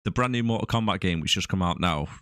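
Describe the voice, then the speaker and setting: A man with a lowish voice co-hosting a movie podcast, easygoing as he shares trivia. The sound is close and dry, with no room around it. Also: lively intonation, fast, fairly bright tone, no room sound. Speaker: podcast co-host. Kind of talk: casual movie review chat.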